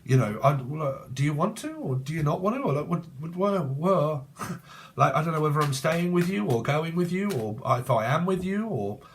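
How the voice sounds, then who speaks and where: A man's voice: a little high, sing-song, a little fast, slight background noise. A man in his forties giving a loose, jokey tarot reading, rambling and laughing often. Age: 40s. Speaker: tarot reader. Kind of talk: casual tarot reading monologue.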